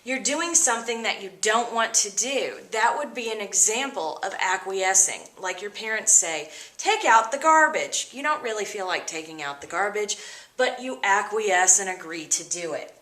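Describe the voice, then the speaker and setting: A woman teacher explaining vocabulary words to her students in an upbeat, expressive way. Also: mid-range voice, normal speed, echoey room. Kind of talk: vocabulary lesson.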